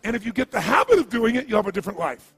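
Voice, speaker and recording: A man's voice: high voice, big pitch swings, rapid-fire, a bit bright, slightly rough, dry recording, faint music behind. A man giving a live motivational seminar talk, speaking with energy and asking the audience rhetorical questions.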